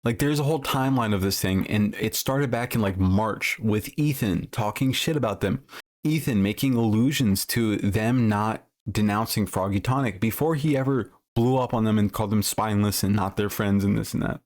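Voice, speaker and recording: A man's voice: fairly low pitch, moderate pace, darkish tone. Rambling, profane male streamer. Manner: rambling, many fillers and self-corrections; blunt and profane. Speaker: livestreamer. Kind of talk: casual stream commentary.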